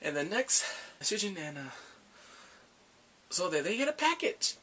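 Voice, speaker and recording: A man casually recapping drama episodes in a rambling, excitable way, gasping and laughing as he goes. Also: high voice, unhurried. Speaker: drama reviewer.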